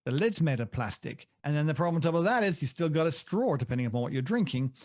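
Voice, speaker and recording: A man's voice: a little high, sing-song, quick pace, darkish tone, dry recording. Podcast co-host, male, loose and self-mocking, dry close mic. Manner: rambling, jokey, self-deprecating. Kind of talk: casual chat.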